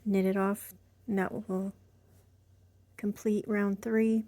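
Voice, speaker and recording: A woman giving a casual knitting tutorial, soft-spoken and slightly short of breath, often dropping into a half-whisper. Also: medium pitch, flat delivery, slow pace, no echo. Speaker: knitting instructor.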